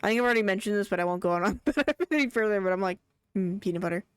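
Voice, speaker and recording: A woman's voice: mid-range voice, animated, racing, clear, resonant tone, no room sound. Chatty woman streamer, dry close sound. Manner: chatty, rambling, laughs often. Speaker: game streamer. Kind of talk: casual live gameplay commentary.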